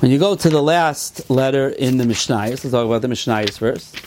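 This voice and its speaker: A man's voice: mid-range voice, normal speed, background noise. A man with an American yeshiva accent teaching a Talmudic class, mixing Yiddish and Hebrew terms into his English and reading texts in a sing-song. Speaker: Torah teacher. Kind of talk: Talmudic lecture.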